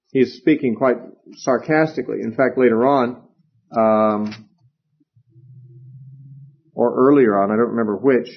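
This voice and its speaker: Male Bible teacher, conversational lecture style, husky tone, muffled lo-fi recording. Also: medium pitch. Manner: conversational, with fillers and asides.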